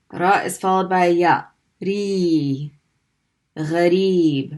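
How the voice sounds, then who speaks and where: A woman teaching a recorded online language lesson, patiently sounding out syllables slowly between brisk explanations. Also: fairly low pitch.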